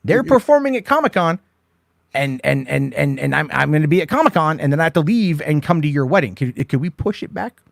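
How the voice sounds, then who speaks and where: A man's voice: fairly high pitch, very animated, a little fast, vocal fry, no echo, studio quality. Rambling, profane man telling stories. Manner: rambling, profane, storytelling with acted-out quotes. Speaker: host. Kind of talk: casual movie chat.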